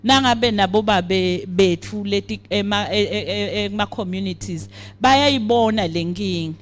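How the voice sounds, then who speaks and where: A woman with a Swazi accent giving a formal speech at a program launch, deliberate and pausing often. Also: medium pitch. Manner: deliberate, with frequent hesitations. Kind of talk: formal speech mixing English and siSwati.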